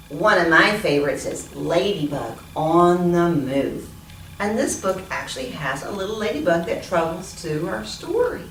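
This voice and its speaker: A woman librarian reading picture books aloud at a library storytime, in an expressive sing-song way with animal sounds. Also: lowish voice, normal speed, a little hiss or hum. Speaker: children's librarian. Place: library room. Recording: roomy echo from a distant mic.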